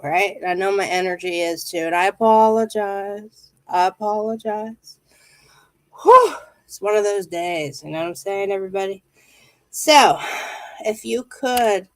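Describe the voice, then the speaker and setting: A woman's voice: mid-range voice, moderate pace, no room sound. Chatty woman livestreaming from home. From Ohio. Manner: chatty, energetic, talks to viewers. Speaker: livestream reader. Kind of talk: casual livestream chat.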